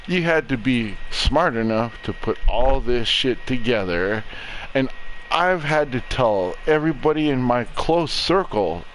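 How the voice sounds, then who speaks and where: A young adult man streaming a game, rambling through a profane, deadpan conspiracy rant. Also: medium pitch, measured pace, a little hiss or hum, rough recording. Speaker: gaming streamer. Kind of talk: casual chat while streaming a game.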